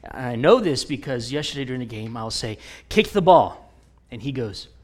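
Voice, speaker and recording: A man in his forties preaches in an animated, conversational style, talking fast at a medium pitch. He tells stories and frequently restarts his sentences.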